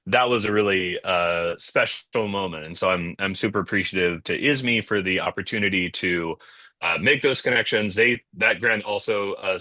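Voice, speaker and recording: A man's voice: low-pitched, bright, forceful tone, no echo. A man chatting as a guest on a video call, rambling with lots of fillers and restarts. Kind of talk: casual video-call interview. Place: home in the North Jersey area.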